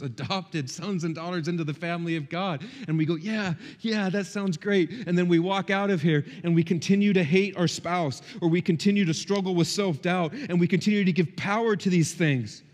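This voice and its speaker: A middle-aged male pastor preaching a sermon in a church, impassioned, swinging between loud peaks and quiet, intimate stretches. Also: on the high side, big-room sound. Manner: impassioned, rising and dropping sharply for emphasis. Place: church hall.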